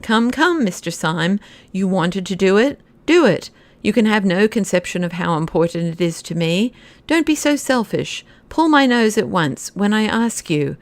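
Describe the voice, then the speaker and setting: A woman reading an audiobook, voicing an excitable male nobleman who pleads and rants. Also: mid-range voice, normal speed, dry recording, lightly acted. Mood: exasperated. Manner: exasperated, pleading, then bursts of ranting insults. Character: flamboyant middle-aged male nobleman, frantic.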